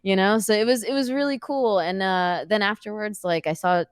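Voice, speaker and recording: A woman in her thirties, a podcast guest, telling a story in a lively, casual way, laughing often and using many fillers. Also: medium pitch, normal speed, clear, resonant tone, no room sound, clean studio sound. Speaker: podcast guest, wrestler and actor.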